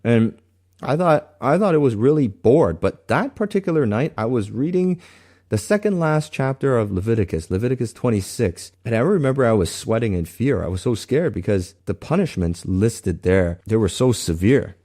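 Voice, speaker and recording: A man gives a personal faith testimony, earnest but halting, often restarting his sentences. His medium-pitched voice is animated and warm.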